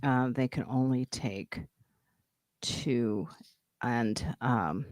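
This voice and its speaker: A woman with a low, dusky voice hosts a casual podcast chat. She tells stories with animation and acts out the people in them. Her voice is recorded dry and close, with no room sound. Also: extremely slow, a little mellow, dry recording. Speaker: podcast host. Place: home livestream.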